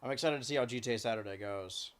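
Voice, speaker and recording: A male streamer in easy, rambling chat, with a voice of middling pitch. He drifts between remarks and affectionate, sing-song talk to his cats. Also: very fast. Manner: chatty, coos and baby-talks to his cats. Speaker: live streamer.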